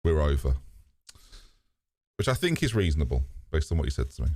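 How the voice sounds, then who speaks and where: This British live-stream host speaks briskly in a rumbling low, sing-song voice with a darkish tone. He rambles to his viewers in casual chat, cursing freely and laughing a lot, and the recording is dry.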